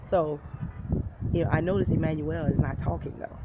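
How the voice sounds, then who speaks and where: A woman from the United States telling a personal story to camera in a blunt, profane, animated way. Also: deep voice, moderate pace, lo-fi sound. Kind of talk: casual storytime monologue. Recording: loud background noise.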